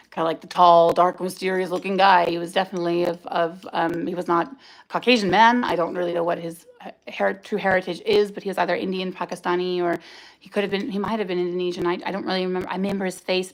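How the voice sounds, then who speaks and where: A woman hosting a livestream, telling her own story in a candid, rambling and emotional way. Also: lowish voice. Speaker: livestream host.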